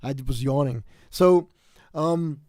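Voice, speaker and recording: Tired New York man, livestream host; raised voice, dark mellow tone, dead-dry sound, rambling delivery. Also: fairly high pitch, slow, dry recording. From South Bronx, New York. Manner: rambling, many fillers and restarts. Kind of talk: casual livestream chat.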